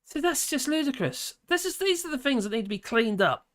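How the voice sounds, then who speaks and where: A man's voice: very high-pitched, big pitch swings, fairly quick, a bit bright. A man from the UK hosting a live stream, chatting in a rambling way and reading viewer comments, tired and often laughing. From United Kingdom.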